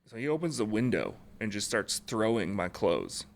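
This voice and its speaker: A man's voice: on the low side, huge pitch swings, normal speed, creaky. A man, a former Marine, telling stories on a podcast in a casual, profane, blunt way and laughing along the way. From Alaska. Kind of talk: casual storytelling.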